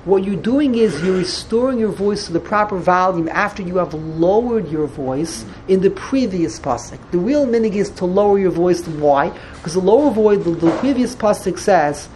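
Animated woman giving a Torah lecture. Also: on the low side, moderate pace, hardly any pauses, a little hiss or hum. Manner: animated, jumps into dramatized dialogue with Hebrew and Yiddish terms; frequent restarts and stammers when excited. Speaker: Torah teacher.

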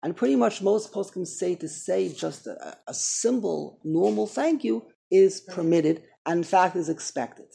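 A man with a gravelly edge to his voice lectures a religious class. He talks in an animated way, circling back and restating each point. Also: sits high, a little slow, few pauses. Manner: animated, repeats and restarts phrases. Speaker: rabbi teaching a class.

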